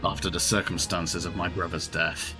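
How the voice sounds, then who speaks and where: A man voicing a proud, bitter British male prosecutor in a fan-read game, speaking with grave, deliberate formality. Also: sits low, flat delivery, over music, close to an everyday voice.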